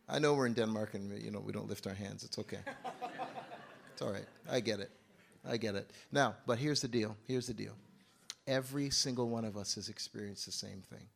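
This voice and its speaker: A man preaching a live sermon to a congregation, moving from low asides to loud outbursts and often asking the audience questions. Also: creaky. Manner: conversational, asks the audience questions. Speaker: pastor. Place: church service.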